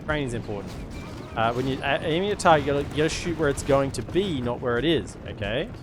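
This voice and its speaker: Over game music, a gaming streamer with a mid-range, animated voice talks fast while playing a strategy game. He rambles casually, thinks aloud, and keeps amusing himself.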